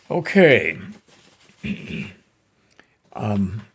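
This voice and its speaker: A man teaching Shakespeare, narrating the scene and declaiming the speech with rising force. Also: on the low side. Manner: slow, gravelly, declamatory. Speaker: teacher reading Shakespeare aloud. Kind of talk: dramatic reading with commentary.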